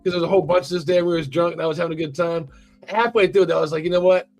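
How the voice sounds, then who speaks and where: A man hosting a casual podcast, talking in a profane, rambling, animated way. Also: fairly high pitch, rapid-fire, soft background music. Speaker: podcast host. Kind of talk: casual chat.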